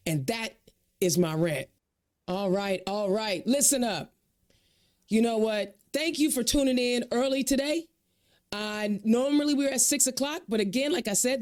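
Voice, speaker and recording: Energetic woman hosting a political show. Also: medium pitch. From Indiana. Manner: energetic, animated, folksy. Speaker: host. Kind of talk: casual political livestream talk.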